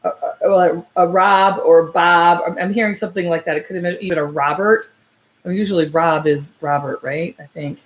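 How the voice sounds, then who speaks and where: A woman working as a psychic medium, giving a live reading, hesitant and searching with many fillers and restarts, turning soft and slow when she passes on messages. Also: lowish voice.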